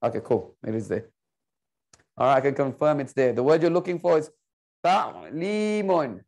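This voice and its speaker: A man teaching an Arabic class online, playful and coaxing, repeating words slowly for his students. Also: mid-range voice, animated, darkish tone.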